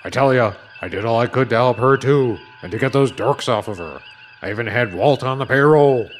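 A man's voice: medium pitch, a little fast, a little hiss or hum, natural voice. A man voicing a male ship computer that impersonates an older ex-president, self-pitying and boastful, in a comedy audio play. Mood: insistent. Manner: boastful folksy storytelling. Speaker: voice actor.

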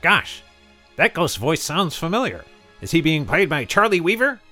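A man's voice: on the high side, very animated, sharp tone, faint music behind. A man playing a gleeful, miserly rich tycoon in a comic radio play. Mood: cheery. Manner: gleeful, chirpy, quick to laugh. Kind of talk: comedy radio-play acting.

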